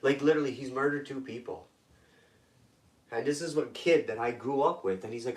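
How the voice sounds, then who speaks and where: Guy from toronto telling rough stories, blunt and swearing a lot, kinda far from the mic. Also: medium pitch. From Toronto, Canada. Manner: blunt, profane, rapid street talk. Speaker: guest. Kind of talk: intense personal storytelling. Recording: echoey room, voice off-mic.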